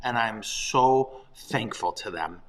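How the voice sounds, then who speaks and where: A man's voice: fairly low pitch, takes it slowly. A man who is a priest, chatting casually on a livestream. He jokes at his own expense and chuckles often. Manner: playful, self-deprecating, chuckles often.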